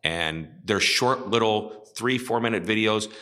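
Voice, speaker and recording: A middle-aged man with a low-set voice that has a bright, forceful edge. He speaks as a chatty podcast guest in casual conversation, sharing stories and playing the parts in a joke. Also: unhurried. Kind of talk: casual interview talk.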